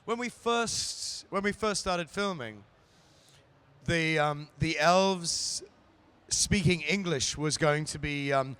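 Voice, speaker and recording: Smooth-voiced man telling stories on stage. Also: on the high side, a bit bright, no room sound. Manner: chatty anecdotal storyteller, putting on silly voices. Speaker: guest actor. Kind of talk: casual stage interview. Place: live event stage.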